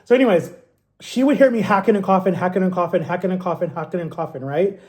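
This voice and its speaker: A man in his thirties from Ohio telling a childhood story in a casual, animated vlog style, acting out quotes in a higher voice. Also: fast talker. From Ohio, USA. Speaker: vlogger.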